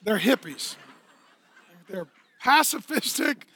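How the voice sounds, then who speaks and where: A middle-aged man preaching a lively, playful sermon in a church, swinging from hushed tones to shouting. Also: very high-pitched, slow. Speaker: pastor. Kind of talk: energetic comedic sermon.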